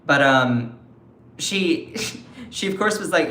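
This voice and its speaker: A man's voice: fairly high pitch, animated, takes it slowly, bright, forceful tone, reverberant, a little hiss or hum. A man with a Southern US accent giving emphatic political commentary on a live stream, often repeating and restarting his phrases. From Southern United States.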